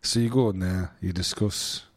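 A man's voice: low-pitched, steady tone, normal speed. A man, joking in casual comedic banter, teasing his friend and acting out mock dialogues. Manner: teasing, acts out mock dialogues, rambling restarts.

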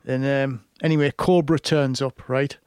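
A man's voice: mid-range voice, steady tone, normal speed, darkish tone, clean tone, dry recording, studio quality. A man telling a long film story in a casual chat, rambling with many fillers and restarts.

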